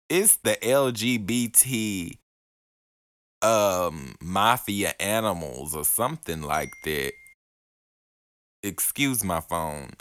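Young man, podcast host; lowish voice, slow drawl, swinging pitch, heated profane rants, dry close sound. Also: expressive, fairly bright tone, dry recording. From Alabama. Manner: profane, heated, mocking insults. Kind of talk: casual ranting monologue.

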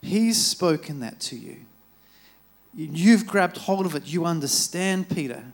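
A preacher voicing a gentle male teacher. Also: on the high side, lively intonation, measured pace, gravelly. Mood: affirming. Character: calm, gentle male teacher affirming a disciple.

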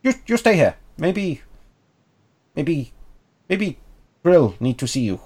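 Man doing a halting little kobold guard. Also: on the high side, very animated, a little mellow, breathy edge, pitched above the performer's own voice, full character voice. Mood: wary. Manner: halting broken speech. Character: small wary male kobold guard.

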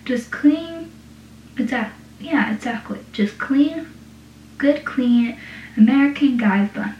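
A woman voicing a sober, teasing teenage boy looking after a drunk friend, in a quick, wry reading. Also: sits high, animated, a little mellow, muffled recording, a little hiss or hum. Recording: roomy sound, distant mic.

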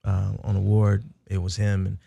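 Chicago south side guy, low gravelly voice, veteran telling stories, goes quiet then loud. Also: moderate pace, dry recording. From United States (south side of Chicago). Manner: animated storyteller who swings from hushed to loud and laughing, says "y'all" and "baby". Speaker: interview guest, military veteran. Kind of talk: casual storytelling conversation.

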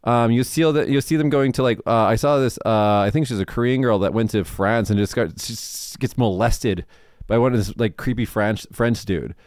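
Blunt, rambling and freely profane, this man co-hosts a casual podcast chat. His medium-pitched voice is a little mellow at a moderate pace, captured in a clean studio with no room sound.

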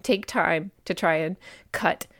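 A woman's voice: fairly low pitch, slow pace, fairly bright tone, no room sound, clean studio sound. An American woman co-hosting a podcast, chatting casually about history with many fillers and frequent laughs. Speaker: podcast co-host.

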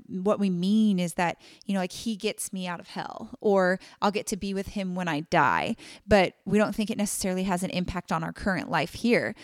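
A woman's voice: medium pitch, dry recording, studio quality. A woman co-hosting a casual Bible study podcast, talking earnestly with many fillers. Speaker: podcast co-host.

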